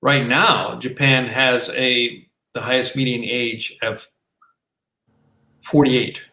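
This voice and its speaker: A man's voice: mid-range voice, level tone, takes it slowly, sharp tone. Rambling man podcasting in an echoey room. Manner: rambling, with frequent restarts and filler. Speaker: podcast co-host. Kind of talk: casual conversational podcast. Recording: roomy echo.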